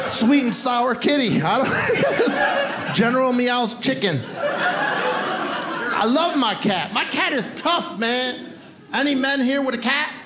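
A stand-up comedian with a Brooklyn accent, performing a set on a comedy club stage with punchy, playful crowd asides. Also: male voice, very high voice. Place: comedy club stage before a live audience. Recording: roomy live venue with crowd noise.

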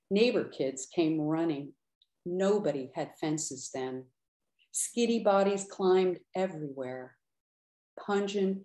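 A middle-aged woman giving a slow, measured poetry reading with brief asides. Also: fairly low pitch, mellow, roomy sound. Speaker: poet reading her work.

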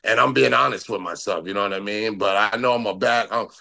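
A man's voice: on the low side, fairly quick, vocal fry, pushed and bright. A man in his thirties from Minnesota, a pro bodybuilder talking loosely and boastfully in an interview, with lots of fillers and repeats. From Minnesota, USA. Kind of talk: casual interview talk.

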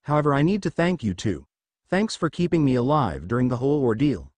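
A man voicing a brash, eager boy ninja who shouts when excited. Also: mid-range voice, brisk, no echo.

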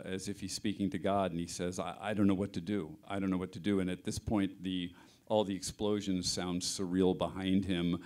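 A man's voice: low-pitched, a little mellow. A middle-aged man, a film sound mixer, explaining his work at a panel interview, hesitant with many restarts.

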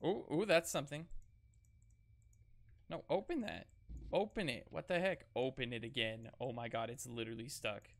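A man commenting on his horror game playthrough, excitable, swearing and chuckling as he talks to himself. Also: mid-range voice, moderate pace, gravelly, pauses often. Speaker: game streamer.

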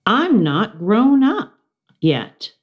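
A woman's voice: mid-range voice, big pitch swings, drawn-out words, lo-fi sound, pitched above the performer's own voice. A woman voicing an eager, curious young schoolboy talking to his teacher in a storybook.

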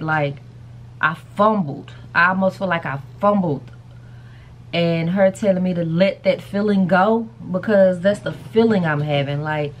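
A woman's voice: on the low side, a little hiss or hum. A woman chatting casually to camera in a rambling vlog, calling her viewers y'all and baby. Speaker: vlogger.

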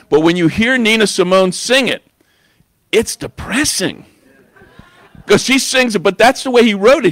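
Male preacher, high-pitched, dry close sound, conversational sermon. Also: a little slow, a bit bright, dry recording. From New York. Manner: conversational preaching with frequent "you know". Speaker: guest preacher. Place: church.

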